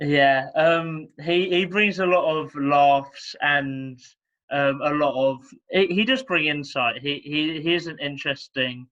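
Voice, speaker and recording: A young man with an English accent talks on a podcast over a video call, with a bright, forceful voice and somewhat dull sound. He speaks hesitantly, breaking off and laughing between thoughts. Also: a little high. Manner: hesitant, halting with fillers and laughs. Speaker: podcast co-host. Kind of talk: casual chat.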